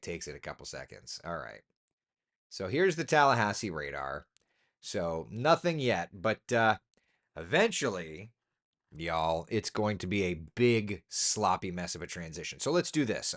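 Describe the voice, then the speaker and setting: A TV weatherman talks through the forecast in an easy, chatty way. His pitch swings widely, rising keenly and then dropping low for muttered asides. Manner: relaxed, chatty, thinking aloud with ums and asides. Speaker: TV meteorologist. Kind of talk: casual weather chat.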